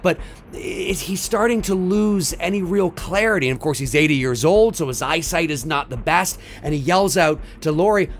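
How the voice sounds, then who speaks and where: Brief: casual rambling man pitching a story, high voice, faint background noise. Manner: rambling, many restarts and "right?" tags. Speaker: fan pitching a film sequel idea. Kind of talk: casual verbal walk-through.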